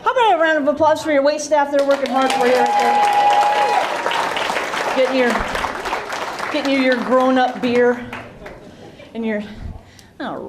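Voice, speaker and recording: A woman's voice: sits high, heavy background noise. Brash middle-aged woman doing stand-up. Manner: brash, self-mocking, laughs often. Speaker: stand-up comedian. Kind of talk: stand-up comedy with crowd work. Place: comedy club stage. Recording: live club with loud crowd. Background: audience laughter and chatter.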